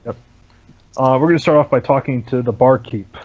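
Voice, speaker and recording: A man's voice: mid-range voice, brisk, narrow, tinny audio. A man narrating as game master for a tabletop game, casual and full of fillers. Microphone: online voice chat mic.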